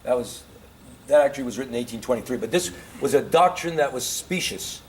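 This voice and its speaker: A man's voice: medium pitch, lively intonation, a little fast, a little hiss or hum. A man giving an informal history lecture to a live audience. He keeps quizzing listeners with questions and grows impassioned about his points.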